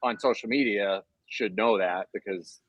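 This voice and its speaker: A man's voice: on the low side, unhurried, fairly bright tone, no room sound, muffled recording. A man co-hosting a podcast, talking in an apologetic, sheepish and conceding way. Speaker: podcast co-host. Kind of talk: casual chat.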